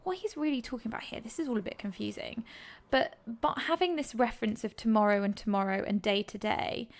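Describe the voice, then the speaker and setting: A young woman from England, an English literature tutor, explaining exam answers in a chatty, enthusiastic way with frequent ums. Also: a little high. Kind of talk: exam revision lesson.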